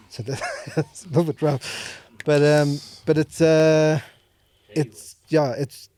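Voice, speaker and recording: A man's voice: a little high, flat delivery, slow pace, mellow, a little hiss or hum. A man talking candidly as a podcast guest, rambling with many fillers and restarts. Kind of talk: candid emotional conversation. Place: podcast studio.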